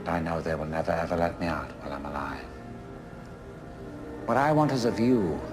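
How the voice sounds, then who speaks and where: An actor playing a cultured, menacing male psychiatrist and serial killer who talks slowly and softly, taunting and probing with icy calm, from a film. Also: deep voice, over music. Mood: calmly demanding. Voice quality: slow soft measured delivery.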